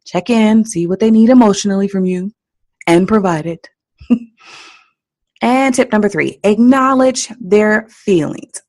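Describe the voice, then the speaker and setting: Slow gravelly-voiced woman coaching parents. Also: mid-range voice. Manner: animated, teacherly, laughs at own stories. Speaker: parenting coach and podcast host. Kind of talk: solo podcast advice talk.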